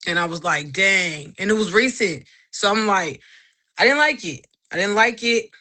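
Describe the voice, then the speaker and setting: In a relaxed podcast chat, a woman in her thirties recounts her personal faith testimony. Her mid-range voice is bright and forward, her pace moderate, and she tells the story with animation, taking on the voices of the people she quotes.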